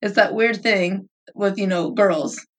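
A woman's voice: mid-range voice, takes it slowly, far from the mic. Young woman, co-host, casual chat, rambling, giggly, filler-heavy, a bit off-mic.

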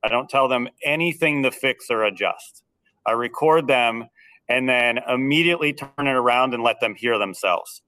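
A man's voice: medium pitch, moderate pace, sharp tone, no room sound, poor audio. A band director talking earnestly in an interview, explaining his teaching methods with an occasional "um.". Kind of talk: conversational interview.

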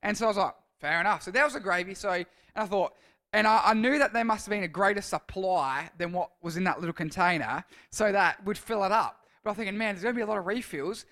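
A youth speaker with an Australian accent gives a casual sermon in the form of a long personal story. His voice is high for a man, bright and forceful, and he talks quickly, rambling and correcting himself as he restarts sentences.

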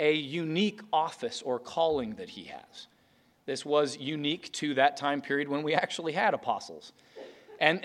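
A man preaching a sermon as pastor, earnest and emphatic, often restarting his words. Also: on the high side. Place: church sanctuary.

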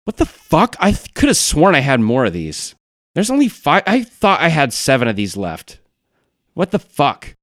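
A man voicing a frantic, whiny young woman who swears and complains loudly. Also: wildly swooping pitch, normal speed, no room sound, studio quality. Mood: exasperated. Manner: shrill, exasperated, swearing.

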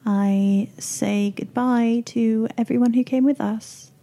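A woman's voice: on the high side, fairly even intonation, slow pace, mellow. A woman playing a character in a tabletop role-play game, speaking in a playful way. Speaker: player.

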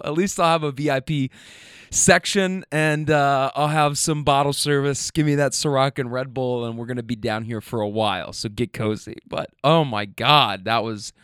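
A man's voice: a little high, fairly bright tone, no echo. Laughing man hosting, dry close sound. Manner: laughs often, loose rambling asides. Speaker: host reacting to clips. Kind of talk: casual commentary.

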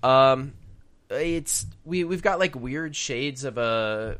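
A laid-back podcast co-host in casual chat who moves into recapping an episode. The pitch swings widely and animatedly from phrase to phrase. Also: expressive, takes it slowly, fairly bright tone.

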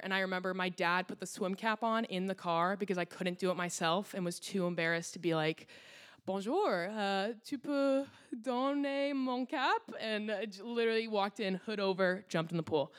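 A woman's voice: mid-range voice, fairly bright tone. Chatty young woman telling a story. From United States. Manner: chatty, many "like"s and laughs, quick asides. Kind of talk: live storytelling on stage. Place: live storytelling event in a hall.

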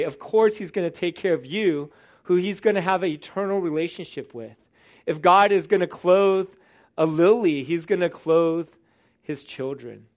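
A man preaching to his congregation, his voice sitting a touch higher than most men's. He talks in an earnest, conversational way and restarts his phrases now and then. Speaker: pastor. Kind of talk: sermon.

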